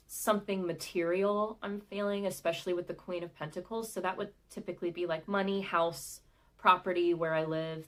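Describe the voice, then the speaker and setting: A woman hosting a live pick-a-card tarot reading, talking in a gentle, chatty and intuitive way with many casual fillers. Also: fairly low pitch.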